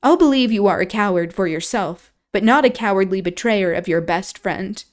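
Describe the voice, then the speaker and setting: A woman's voice: mid-range voice, expressive, moderate pace, lightly acted. A woman voicing a spirited, proud young woman who speaks impatiently and with scorn, in a novel read aloud on a stream. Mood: urgent.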